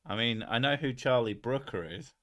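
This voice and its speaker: A man's voice: mid-range voice, expressive, moderate pace, fairly bright tone. A man hosting his stream, chatting casually and rambling, swearing freely and laughing at himself. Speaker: streamer host. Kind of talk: casual chat reading viewer messages.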